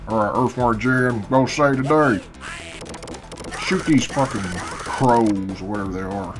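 A man's voice: mid-range voice, slow pace, over music. A man doing casual gameplay commentary, swearing constantly and grumbling at the game, half asleep early in the morning. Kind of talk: casual let's-play commentary.

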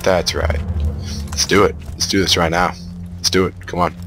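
A man commentating on his own shooter gameplay, excitable and trash-talking the enemies. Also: low voice, moderate pace, soft background music. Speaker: gamer playing a shooter. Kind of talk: let's play commentary.

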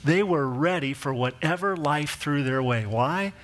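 A man's voice: fairly high pitch, unhurried, slight background noise. A middle-aged male pastor telling a personal story in a sermon, acting out quoted voices and laughing along with his own jokes.

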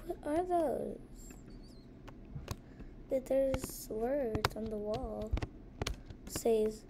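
Woman gamer for let's play commentary: slightly high, gravelly voice, slow jumpy delivery, noisy home recording. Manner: jumpy, gasping, talks to herself, scared reactions.

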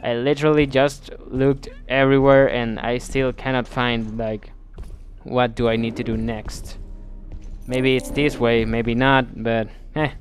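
A man's voice: medium pitch, level tone, measured pace. A man commenting on a video game as he plays, thinking aloud in a bemused way and often restarting his sentences. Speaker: gameplay commentator. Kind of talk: let's play commentary.

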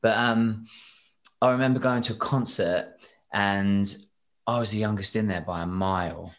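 A young British man, a singer, chatting as a podcast guest and telling animated stories with frequent laughs and restarts. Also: lowish voice, normal speed. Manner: animated storyteller, laughs often, many restarts. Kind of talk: casual interview chat.

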